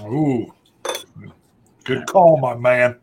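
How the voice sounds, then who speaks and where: A man chatting casually at a tasting, telling a lively story and acting out other people's voices. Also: medium pitch, extremely slow, background noise. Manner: animated storyteller, acts out quoted voices. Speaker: tasting panelist. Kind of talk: casual chat.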